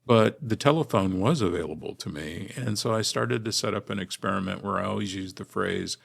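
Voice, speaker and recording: A man from Los Angeles, a visiting linguistics professor, telling his story in a measured, articulate podcast interview. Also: low-pitched, vocal fry. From Los Angeles, USA. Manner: measured, articulate academic delivery.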